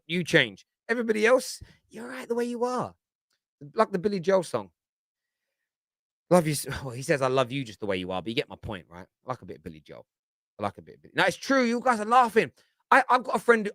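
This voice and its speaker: A man's voice: fairly high pitch, sharp tone, no echo. Chatty man, dry close sound. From Britain. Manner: rambling, repeats words, lots of 'do you know what I mean'. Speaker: football pundit on a fan show. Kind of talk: casual opinionated chat.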